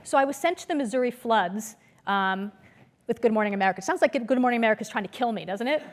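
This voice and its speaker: A woman lecturer giving a conference talk to an audience, storytelling in a lively way and acting out the voices she quotes. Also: fairly high pitch, quick pace. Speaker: business school lecturer. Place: lecture hall.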